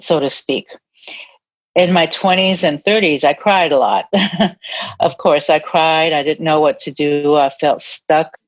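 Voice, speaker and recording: Older woman, low voice, earnest, reflective, dull lo-fi recording. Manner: earnest, reflective, laughs softly now and then. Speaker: guest, retired army nurse practitioner. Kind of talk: interview, personal storytelling. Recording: dull lo-fi sound.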